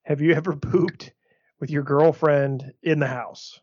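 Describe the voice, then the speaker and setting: A man's voice: fairly high pitch, fairly even intonation, a little slow, darkish tone, no room sound, dull audio. A man co-hosting a casual podcast, putting questions to the others. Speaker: podcast co-host. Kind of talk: casual chat.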